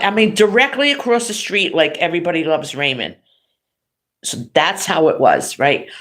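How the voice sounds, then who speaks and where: A woman's voice: fairly low pitch, a bit bright. A middle-aged woman hosting a livestream, telling family stories in a chatty way and laughing often. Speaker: livestream host. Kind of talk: casual chat.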